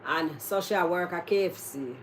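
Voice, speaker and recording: Animated Jamaican woman telling stories. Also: on the low side, moderate pace, slight background noise. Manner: animated storyteller, laughs often. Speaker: host. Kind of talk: casual chat, storytelling.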